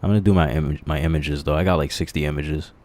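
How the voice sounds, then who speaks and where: A man casually rambling on a livestream, crude and profane, laughing at his own jokes, in a dark candlelit room. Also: very deep voice, steady tone, fast. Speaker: streamer.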